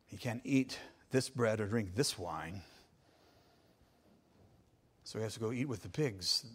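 A male pastor preaching a sermon, emphatic, repeating his points and building to loud climaxes. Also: on the low side, animated, measured pace, slightly rough.

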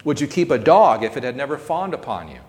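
A man's voice: a little high, very animated, fast talker, a little mellow, long reverb tail. A man delivering a sermon in an earnest, solemn way, rising to emphatic swells. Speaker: preacher. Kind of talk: sermon reading.

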